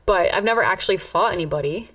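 A woman's voice: fairly low pitch, quick pace, a bit bright, recorded from a distance. A woman co-hosting a podcast in casual chat, telling a story brashly with heavy swearing and lots of fillers. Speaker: podcast co-host.

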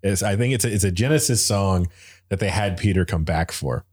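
A man with a very deep, low voice chats casually about music. He rambles with enthusiasm, full of fillers and restarts. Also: brisk, a little mellow, slightly rough.

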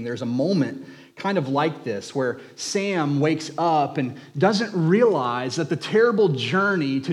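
A man preaching a sermon as a pastor in a church, with conversational storytelling. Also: medium pitch.

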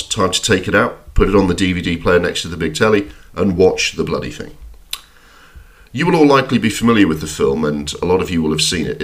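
Low-pitched male podcast host, dry self-deprecating delivery, scripted film review. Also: a bit bright.

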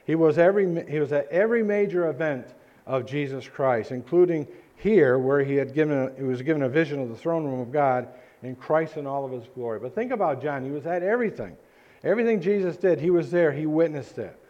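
A male pastor preaching a sermon in a church, earnest and halting, with frequent restarts. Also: fairly high pitch, muffled recording. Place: church sanctuary.

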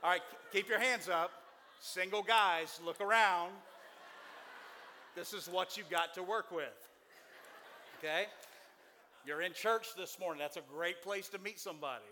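A man in his forties preaching a sermon to a church congregation, folksy and joking, with animated delivery. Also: sits high, measured pace, long pauses, in a large hall, a little hiss or hum. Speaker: pastor.

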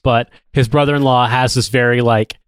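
Brief: man, mid pitch, smooth resonant voice, dry close sound, casual rambling film chat. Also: fairly even intonation, normal speed, no echo. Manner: loose, rambling, swears casually. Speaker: podcast co-host.

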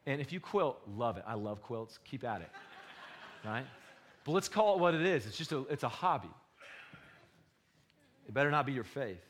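A man preaching a sermon to his congregation, passionate and full of rhetorical questions, swinging between loud bursts and hushed asides. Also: medium pitch, sing-song, normal speed, pauses often, slight background noise. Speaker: pastor.

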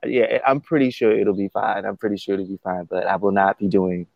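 A man's voice: on the low side, flat delivery, brisk, vocal fry, dry recording, highs cut off. A man chatting casually, laughing often and rambling with restarts. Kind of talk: casual chat.

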